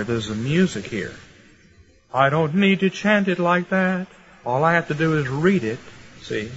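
A man's voice: on the high side, fairly bright tone. A man giving a lecture to a class, reading scripture aloud in a rhythmic, flowing cadence with conversational asides. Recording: dull lo-fi recording.

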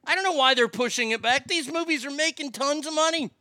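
A man's voice: very high voice, fast talker, sharp tone, no echo, studio quality. A man ranting casually and profanely about movies while reading out listener comments. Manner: swearing, exasperated ranting.

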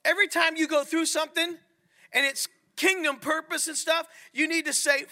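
High bright animated preacher man. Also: normal speed. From Italian heritage. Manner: animated, asks the crowd questions. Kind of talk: sermon.

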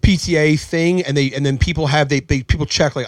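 A man hosting a casual podcast, quick with wry jokes and reactions. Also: fairly high pitch, no echo.

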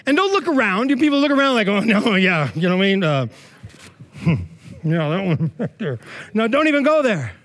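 A male pastor giving a sermon in a lively, joking, conversational way. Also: sits high, brisk.

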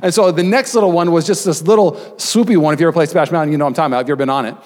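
A young adult male pastor telling a story in a sermon, animated, acting out voices. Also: fairly high pitch, very fast. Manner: animated, acts out voices, shouts and laughs in the story. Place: church sanctuary. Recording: long hall reverb.

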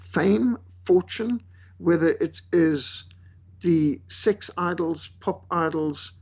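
A man preaching a sermon in a forceful, emphatic way, slowing down to stress key words. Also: a little high, slightly rough. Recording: dull lo-fi recording.

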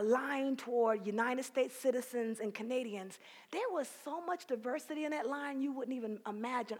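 A woman preaching at a conference, telling a story and building to fervent, near-shouted passages. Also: sits high, breathy edge. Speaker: conference speaker. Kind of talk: preaching sermon.

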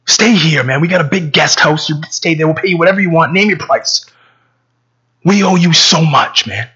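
A man's voice: mid-range voice, expressive, moderate pace, pushed and bright, breathy edge, muffled recording, full character voice. A man voicing a wealthy, hot-tempered older brother who talks bluntly and casually. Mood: grateful.

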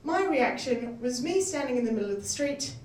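A woman's voice: high-pitched, animated, a little fast, darkish tone, a little hiss or hum. A woman doing a chatty, self-mocking stand-up comedy set, laughing at her own jokes. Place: comedy club stage. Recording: roomy, distant live venue mic with faint ambience.

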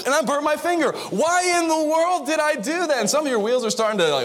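A young adult male pastor giving a sermon, telling lively stories with playful asides and quick shifts into character voices. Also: very high voice.

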